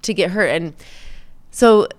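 A young woman co-hosting a podcast, retelling a movie scene by scene and acting out the characters' lines in quick voices. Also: on the low side. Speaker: podcast co-host recapping a movie. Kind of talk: casual chat.

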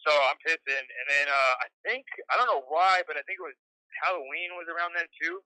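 A young man calling in over the phone, telling a long rambling story with lots of swearing and animated quoting of other people. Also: on the high side, fairly quick, dry recording, low-quality recording.

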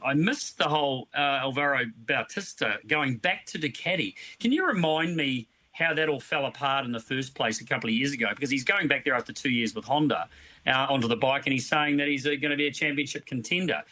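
A man co-hosting a sports radio chat, jokey and relaxed, rambling a little as he talks. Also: medium pitch. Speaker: radio co-host.

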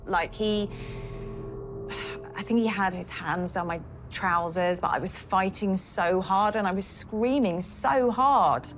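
Give me a woman telling her story in a documentary interview, halting and filler-heavy, over soft music. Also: lowish voice. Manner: halting, heavy on "like" and "you know".

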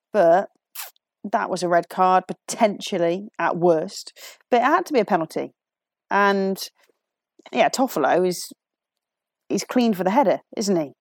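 Woman pundit, low and dry. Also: a little mellow, no echo. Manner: chatty, opinionated, sighs and restarts. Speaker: football pundit. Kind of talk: casual studio punditry.

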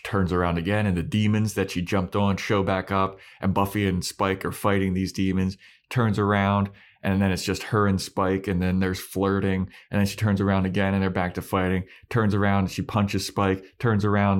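A man's voice: sits low, flat delivery, normal speed. A man co-hosting a podcast, casually recapping a TV episode scene by scene and acting out the characters' lines with swearing. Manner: retells scenes with acted-out quotes and swearing. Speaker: podcast co-host.

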